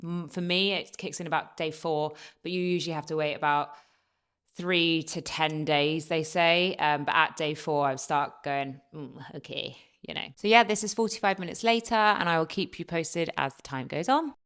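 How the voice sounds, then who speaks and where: In her beauty vlog, a young woman talks to the camera at a moderate pace, upbeat and confiding with viewers. Her low-pitched voice is fairly bright and clean, and faint music plays underneath.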